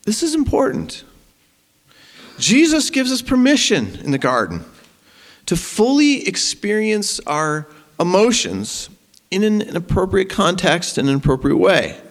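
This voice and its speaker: A man preaching a sermon as pastor, animated and rising to emphasis. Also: high-pitched, unhurried. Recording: long hall reverb.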